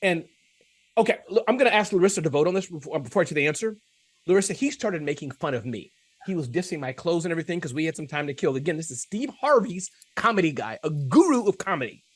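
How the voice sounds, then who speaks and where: Fast-talking animated male host. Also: fairly high pitch, dry recording. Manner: animated storyteller, self-deprecating jokes. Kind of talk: casual panel chat.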